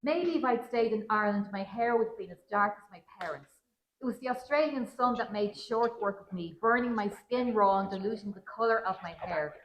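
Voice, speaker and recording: A woman's voice: mid-range voice, a little fast. A woman, a children's author, reading a story aloud to an audience in a wry first-person voice. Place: large roomy museum hall at a public event. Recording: roomy event hall.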